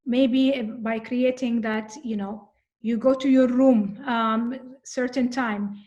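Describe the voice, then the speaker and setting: A woman in casual conversation, talking earnestly and thoughtfully, often pausing on fillers. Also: a little high, steady tone, darkish tone, lo-fi sound. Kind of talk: casual conversation about coping with anxiety.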